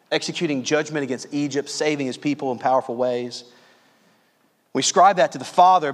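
A man from Louisiana preaching a sermon as pastor, earnestly calling his listeners friends and slowing down on key phrases. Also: fairly high pitch, in a large hall.

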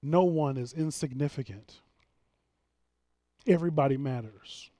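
A man delivers an earnest, emphatic sermon in a fairly high voice, often restarting his phrases as he presses a point. The sound is dry and close, with no room echo. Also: unhurried, warm tone. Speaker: pastor.

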